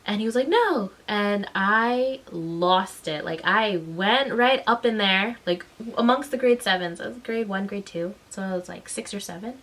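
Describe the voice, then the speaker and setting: A mother and vlogger in a casual storytelling vlog, talking in an animated way and acting out the voices of people in her story. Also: mid-range voice, normal speed, hardly any pauses, rough recording. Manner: animated, acts out quoted voices.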